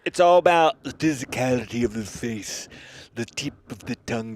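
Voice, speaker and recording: A man's voice: mid-range voice, animated, normal speed, a little mellow. A man co-hosting a casual comedy podcast, rambling and joking, laughing often as he talks. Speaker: podcast co-host.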